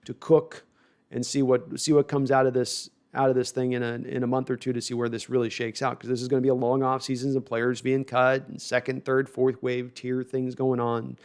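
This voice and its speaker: Hosting a casual live sports talk stream, a man reads viewer comments in a gravelly, medium-pitched, darkish voice with flat, fairly quick delivery. He rambles, restarts sentences often, and makes self-deprecating asides.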